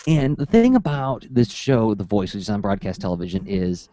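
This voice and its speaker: A man hosting a podcast in casual chat, talking in a playful, animated way. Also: lowish voice, moderate pace, no room sound. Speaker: podcast host.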